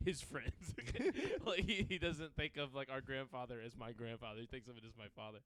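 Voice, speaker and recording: A man's voice: mid-range voice, expressive, normal speed, fairly bright tone, dry recording. A young man hosting a podcast, telling rambling, profane stories in casual chat and laughing often. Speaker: podcast host.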